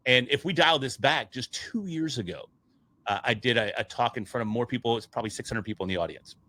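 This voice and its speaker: Bright-voiced animated male speaker. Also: medium pitch, fast talker. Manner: animated, acts out quoted dialogue. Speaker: public speaker and podcast guest. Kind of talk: casual storytelling conversation.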